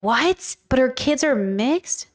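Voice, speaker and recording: A woman's voice: high voice, animated, takes it slowly. Incredulous rambling woman streamer. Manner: incredulous, rambling, thinks aloud. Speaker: streamer reacting to videos. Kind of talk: casual reaction commentary.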